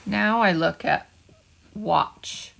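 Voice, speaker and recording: A woman's voice: mid-range voice, gravelly, fairly bright tone. A woman teacher giving a patient phonics lesson to second graders, asking them to repeat words after her. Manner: slow, patient, asks children to echo words. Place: at home, away from school.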